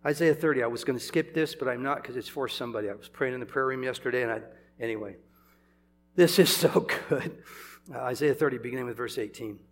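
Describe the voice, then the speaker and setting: A man's voice: mid-range voice, fast talker. An older man preaching a sermon, conversational, with chuckles and sudden emphatic swells.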